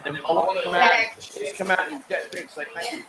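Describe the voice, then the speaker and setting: A man's voice: sits high, a little fast, background noise. A man hosting a live stream from a bar lounge, chatting casually, reading viewer comments aloud and cracking cheeky jokes. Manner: cheeky, rambling, jokey. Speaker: live-stream show host.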